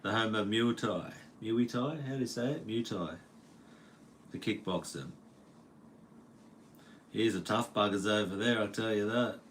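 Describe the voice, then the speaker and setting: A man's voice: lowish voice, moderate pace, long pauses, a bit bright, a little hiss or hum. Laid-back Australian man chatting on livestream. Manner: laid-back, jokey, laughs often, Aussie slang. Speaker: livestream host. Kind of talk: casual livestream chat reading comments. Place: home.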